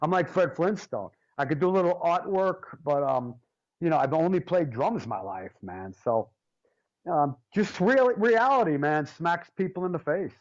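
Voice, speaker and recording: Animated joking male drummer, lo-fi. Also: on the high side, normal speed. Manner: animated, jokey, swears freely. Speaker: drummer, interview guest. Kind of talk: casual storytelling.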